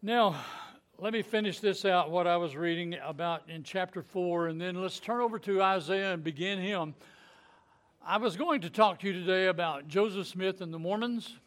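Male preacher with a high voice, folksy and joking, delivering a Sunday sermon. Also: normal speed, fairly bright tone. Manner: folksy, joking asides with chuckles.

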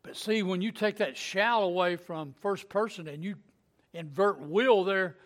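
A man's voice: sits high, unhurried. A man preaching a sermon to his congregation, explaining scripture in a folksy way with joking asides and chuckles.

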